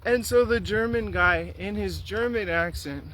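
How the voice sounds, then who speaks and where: Slow-talking man vlogging outdoors. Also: sits high. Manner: rambling, with frequent restarts. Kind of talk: casual walking vlog. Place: outdoors on a riverside trail. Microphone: phone or camera carried while walking. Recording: loud outdoor noise, wind. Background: loud outdoor ambience and wind.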